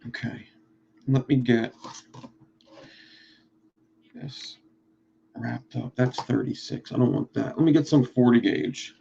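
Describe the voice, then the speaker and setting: A man with a Philadelphia accent chats fast and loose on a live stream, swearing freely as he teaches coil building. His mid-pitched voice carries a gravelly fry. The audio is dull and lo-fi. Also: fairly even intonation, warm tone, slight background noise. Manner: fast-talking, profane, rambling. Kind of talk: casual live-stream chat.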